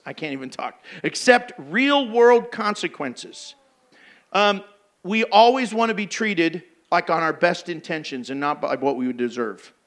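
A man's voice: high voice, fairly bright tone. A man preaching a sermon in a blunt, emphatic, exhorting way.

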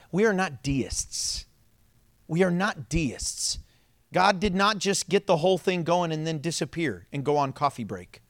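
A male pastor delivering a sermon, telling stories with laughter and dropping to a hush for emphasis. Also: fairly high pitch, no echo. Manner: animated storytelling with laughs and sudden drops to a hush.

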